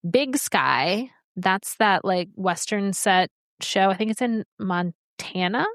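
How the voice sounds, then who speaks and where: A woman co-hosts a laid-back podcast, chatting and rambling through quick asides. Her voice sits at an ordinary middle pitch and is recorded close and dry, with no room sound around it. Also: expressive, dry recording. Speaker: podcast co-host. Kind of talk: casual chat.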